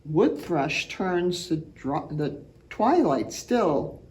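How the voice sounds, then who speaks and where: A woman reading a picture book aloud to children, telling the story with animation and imitating bird calls in high, loud chirps. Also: big pitch swings, very slow. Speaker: children's art program teacher reading aloud.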